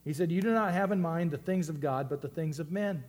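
A man's voice: fairly high pitch, brisk, a little mellow. A man preaching a sermon as pastor, earnest and reflective, often restarting his phrases.

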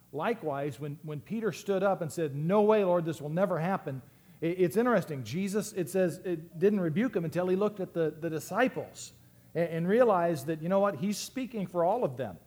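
A man's voice: fairly high pitch, animated, brisk, a little mellow. A man preaching a sermon as pastor, earnest and reflective, often restarting his phrases.

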